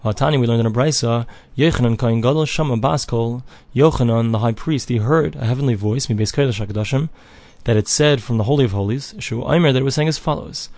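A man's voice: mid-range voice, quick pace, hardly any pauses, darkish tone, no echo. A man giving a Talmud lesson, reading each phrase of the text aloud and then translating and explaining it in plain English. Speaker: Talmud teacher. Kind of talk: daily page Talmud lesson.

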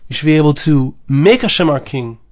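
Man, rabbi, devotional podcast talk, earnest, slightly higher-pitched voice. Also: expressive, brisk. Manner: earnest, rising with emphasis.

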